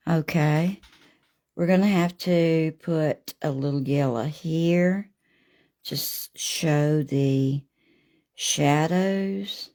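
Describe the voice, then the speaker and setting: A woman hosting a live painting demo, chatting warmly with viewers by name as she works. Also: low-pitched, drawn-out words. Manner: homey and gushing, talks to viewers by name.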